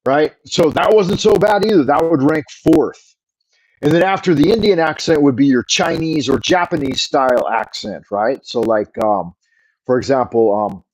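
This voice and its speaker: A man's voice: fairly high pitch, expressive, moderate pace, a little mellow, low-quality recording. A middle-aged man with a Californian accent, rambling and swearing in an opinionated livestream chat. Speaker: livestream host.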